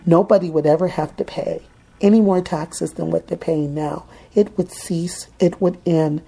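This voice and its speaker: A woman's voice: sits low, fairly even intonation, normal speed, vocal fry, dark tone, husky, poor audio. A middle-aged woman ranting angrily to camera, swearing heavily and mimicking others sarcastically. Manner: heated, swearing, sarcastic mock quotes. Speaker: vlogger. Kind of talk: angry profane rant to camera. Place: Seattle.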